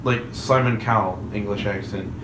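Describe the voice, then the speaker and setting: A man's voice: fairly low pitch, normal speed. A man hosting a game playthrough who chats casually while he plays, rambling along with lots of fillers and restarts. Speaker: let's play host. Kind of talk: casual chat over gameplay. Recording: roomy room with steady background noise.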